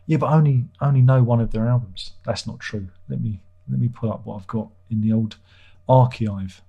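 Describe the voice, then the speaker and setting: A man's voice: mid-range voice, steady tone, fairly quick, creaky, dark tone, husky. A man hosting a livestream, reading out viewer comments in a rambling, self-deprecating way and swearing casually. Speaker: livestream host.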